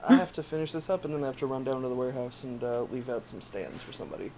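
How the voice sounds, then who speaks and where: A man's voice: medium pitch, animated, racing, a crowd in the background, lightly acted, rough recording. A man putting on a British accent to talk sweetly and politely to his wife as a joke. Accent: put-on British.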